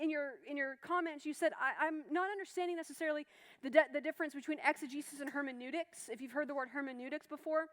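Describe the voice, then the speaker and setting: A woman's voice: high-pitched, a bit bright. A woman teaching a Bible study class in a chatty, reassuring way, with many fillers and restarts. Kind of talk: informal class lecture.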